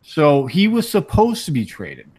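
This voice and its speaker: A man hosting a casual sports talk show, talking in halting bursts with many restarts. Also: a little high, wildly swooping pitch, a little mellow, slightly rough. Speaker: podcast host.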